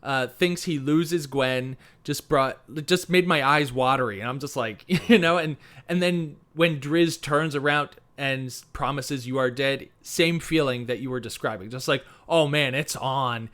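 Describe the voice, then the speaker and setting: A man's voice: mid-range voice, measured pace, few pauses, fairly bright tone. A man co-hosting a book podcast, talking animatedly with lots of fillers and laughter. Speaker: podcast co-host. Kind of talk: casual book discussion.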